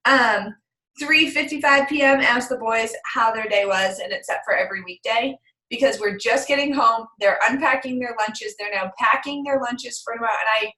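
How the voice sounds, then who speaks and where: Chatty bright-voiced woman, echoey room. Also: a little high, normal speed. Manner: chatty, animated storytelling with acted quotes. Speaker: group call member. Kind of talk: casual chat.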